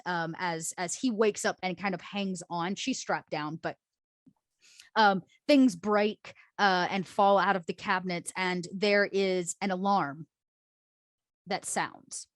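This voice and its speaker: Low-voiced woman game master. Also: dry recording, clean studio sound. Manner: descriptive, with frequent fillers. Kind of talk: narrating a tabletop game.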